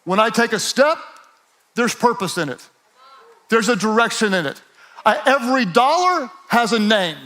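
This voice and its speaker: A man preaching a sermon as a pastor, moving from relaxed joking asides to rising, emphatic exhortation, and asking listeners to repeat lines aloud. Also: extremely high pitch, normal speed, pauses often.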